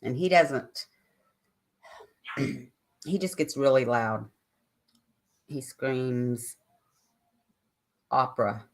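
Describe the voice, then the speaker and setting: A woman's voice: rumbling low, lively intonation, drawn-out words, pauses often. An older woman hosting a live stream, chatting casually and ramblingly with her viewers and answering their comments.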